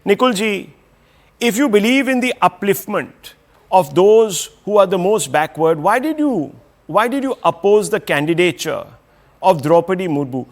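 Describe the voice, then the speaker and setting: A man's voice: high-pitched, expressive, normal speed. A man moderating a televised news debate, pressing guests with rhetorical questions.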